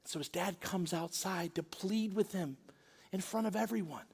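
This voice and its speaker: A man preaching a sermon as pastor, dramatic and animated, dropping to a hush and then rising loud as he acts out the story's quotes. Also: high voice, normal speed, breathy edge, big-room sound. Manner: dramatic, swings from hushed to loud when acting out quotes. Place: large church auditorium.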